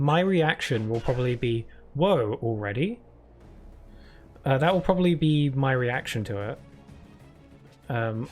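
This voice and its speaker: A man streaming live, chatting casually through rambling stories full of fillers. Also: on the high side. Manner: rambling anecdotes with many fillers.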